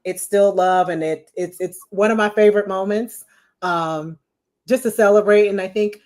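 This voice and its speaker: Here the same kind of speaker, a marketing executive in her forties, chats on a podcast at a moderate pace with a mid-range voice. She's lively and full of "you know" fillers while telling stories in a relaxed interview.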